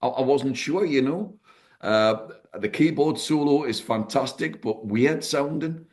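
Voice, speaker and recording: A man's voice: mid-range voice, a little mellow. A man co-hosting a casual music podcast, speaking hesitantly with lots of fillers and restarts. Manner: hesitant, halting with many fillers. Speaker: podcast co-host. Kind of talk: casual music review chat.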